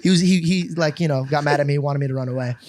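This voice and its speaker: A man telling a story in casual podcast chat, animated and laughing, peppered with slang. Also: on the high side, fast talker. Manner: animated, laughs often, uses slang like "bro". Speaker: podcast co-host.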